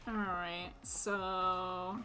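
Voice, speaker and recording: A woman's voice: fairly low pitch, flat delivery, extremely slow, bright, forceful tone, soft background music. A woman streamer chatting casually over gameplay, laughing and correcting herself. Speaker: game streamer.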